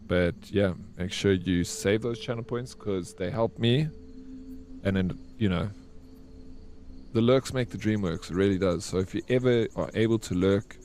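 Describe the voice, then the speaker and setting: A man's voice: sits low, mellow, slight background noise. A man, chatting casually with his live-stream audience while playing a game. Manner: rambling, chatty, answers chat.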